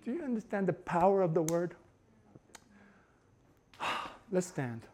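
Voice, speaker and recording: A young adult man preaching a sermon, telling a personal story in an expressive way that swings between hushed and emphatic. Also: high-pitched, unhurried, slight background noise. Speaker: pastor.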